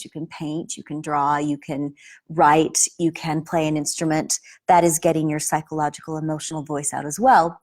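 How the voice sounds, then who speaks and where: A woman with a deep voice, an acting teacher, gives a casual spoken lesson to the camera. She is earnest and explanatory and often restarts her sentences.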